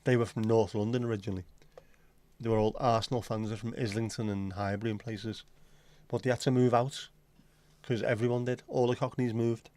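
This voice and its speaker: A man's voice: medium pitch, fairly even intonation, fairly quick, darkish tone. A man hosting a casual livestream chat, rambling and joking with frequent swearing. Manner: rambling, jokey and sweary, slips into silly voices. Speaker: livestream host.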